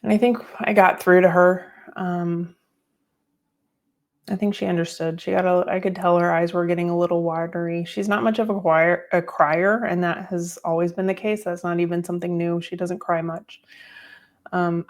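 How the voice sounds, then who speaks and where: A middle-aged woman hosting a podcast, telling a personal story in a reflective, unhurried way with many fillers. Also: fairly low pitch. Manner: reflective, tearful at times, with fillers. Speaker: podcast host.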